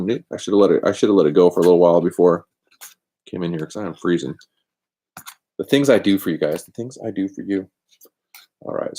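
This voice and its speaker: A man's voice: sits low, warm tone. A man chatting casually and rambling on a craft live stream from a cold garage, picked up by a laptop's built-in microphone. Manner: rambling, chatty, self-deprecating. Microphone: built-in computer microphone.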